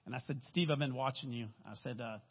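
A man with a mid-range, slightly rough voice talks quickly as a guest speaker in a church sanctuary, delivering a candid, rambling testimony sermon and often checking in with "right?". The recording is dull, with long hall reverb.

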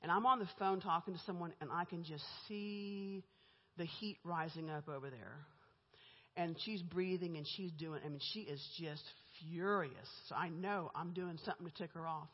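Husky middle-aged woman telling a church testimony. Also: on the low side, normal speed. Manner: chatty and candid, laughs between lines. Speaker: guest speaker giving a testimony. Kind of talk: church testimony, conversational storytelling. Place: church sanctuary. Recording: echoey church hall, muffled.

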